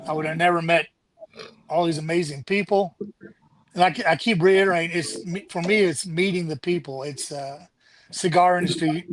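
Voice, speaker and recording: A man's voice: a little high, steady tone, normal speed, rough recording. A middle-aged man, a charity founder and Army veteran, talking candidly and swearing now and then as a guest on a casual show. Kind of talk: casual chat.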